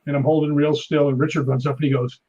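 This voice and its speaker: A man in his fifties, a stuntman guest on a talk show, telling animated anecdotes with sound effects and chuckles. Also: fairly high pitch, fast talker, husky. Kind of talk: casual interview storytelling. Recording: dull lo-fi sound.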